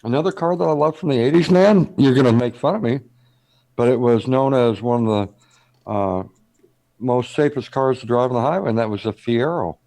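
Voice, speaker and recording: An easygoing man co-hosting a late-night live stream. His voice sits at an ordinary middle pitch, and he mostly chimes in with short agreeing replies. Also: a little fast, vocal fry, dark tone. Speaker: co-host. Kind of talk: casual live-stream chat.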